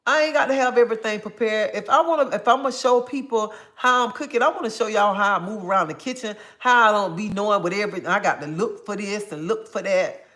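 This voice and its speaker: Here the livestream host is a middle-aged grandmother who talks fast in a medium-pitched, fairly bright voice. She's emphatic and casual with her audience, frequently repeating herself and addressing everyone as "honey."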